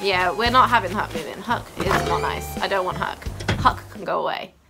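A woman's voice: lowish voice, normal speed, gravelly. A woman giving casual, gushing and giggly commentary over her gameplay. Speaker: gaming YouTuber. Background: game music.

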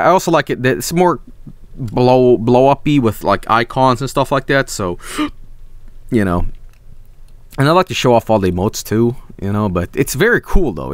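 A man's voice: mid-range voice, dry recording. A man streaming casually, reading out fan art and chat, rambling, swearing freely and breaking into silly voices.

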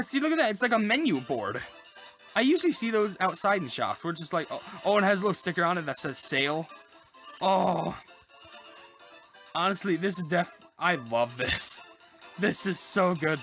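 A woman plays through a game with casual, excitable commentary, gushing over every cute detail. Her pitch swings widely from low mutters to high squeals. Faint game music runs beneath her. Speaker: gaming channel host. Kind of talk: casual let's-play commentary.

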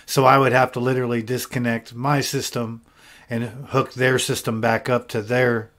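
Animated storytelling man, mid-pitched voice. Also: normal speed. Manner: animated storyteller, acts out quotes. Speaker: podcast co-host, band musician. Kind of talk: casual chat.

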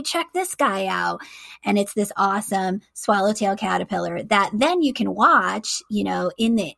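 Chatty woman with a creaky voice. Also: mid-range voice, no echo. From eastern United States. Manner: enthusiastic, chatty, laughs easily. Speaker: podcast co-host. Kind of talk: casual chat.

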